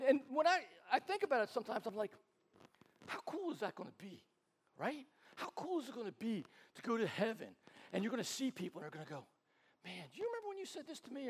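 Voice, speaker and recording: A man's voice: very high-pitched, husky. A man preaching as a pastor in a casual, chatty way, telling stories and acting out quoted voices, often repeating words as he goes. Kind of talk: casual sermon storytelling.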